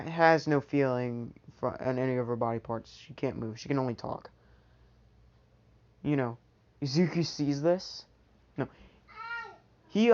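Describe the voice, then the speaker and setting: A storyteller improvising a fan-made what-if story, rambling with many filler asides. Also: medium pitch. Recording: dull lo-fi recording.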